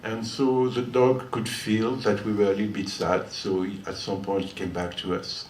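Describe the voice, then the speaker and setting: Before a live audience in a listening hall, an older Frenchman with a French accent, a guitarist, chats through a long, rambling story between songs, often laughing. His lowish voice is level and a little mellow at a moderate pace. The sound is roomy and distant with faint noise.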